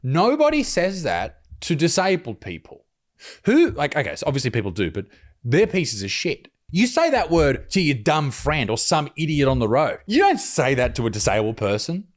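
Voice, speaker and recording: A man reacting to clips with blunt sarcasm. His pitch swings widely as he talks, and he sounds animated and quick to mock. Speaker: commentary host. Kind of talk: reaction commentary.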